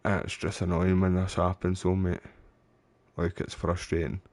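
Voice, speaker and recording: Here a Scottish streamer talks through his gameplay live, frustrated at times and calling viewers mate and bro. The voice is deep and darkish with little pitch movement, delivered at a measured pace without echo.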